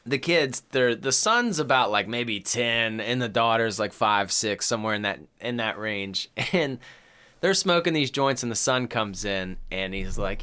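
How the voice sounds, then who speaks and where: A man's voice: medium pitch, animated, moderate pace, pushed and bright, clear, resonant tone. Thirties male podcast co-host, loose and profane, rambling chat delivery. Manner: loose, profane, rambling retelling with quoted voices. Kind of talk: casual chat.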